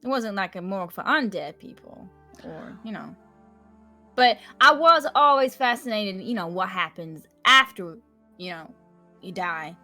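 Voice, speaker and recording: A woman in character at a tabletop game, rambling with many fillers and giggles. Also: medium pitch. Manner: rambling, giggly, bright and lively. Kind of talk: in-character role-play chat.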